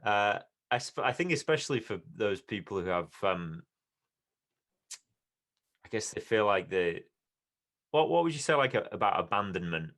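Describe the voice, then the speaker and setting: A man hosting a podcast, asking soft, tentative questions in a casual interview. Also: on the low side, very animated, moderate pace, long pauses. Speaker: podcast host.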